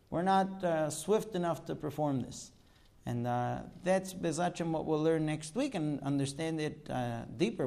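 Man giving a Talmud class, slightly high. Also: a little mellow. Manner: explains, quoting texts and asking rhetorical questions. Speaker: religious teacher.

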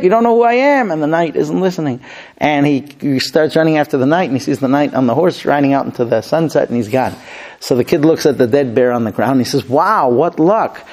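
A man's voice: medium pitch, darkish tone, low-quality recording. A man teaching a Torah class and telling a long parable, with fillers and restarts.

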